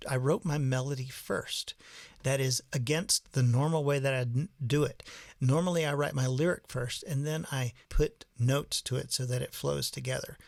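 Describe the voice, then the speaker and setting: A man teaches songwriting in a patient, methodical way. His voice has a gravelly edge, and the sound is dry, with no room echo. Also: on the high side. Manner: patient, methodical explaining with analogies. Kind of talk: explanatory video lesson.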